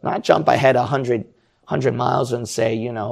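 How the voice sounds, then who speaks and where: A man's voice: medium pitch, expressive, fairly quick, gravelly, a little mellow. A man preaching a sermon to his congregation, exhorting them with repeated rhetorical questions.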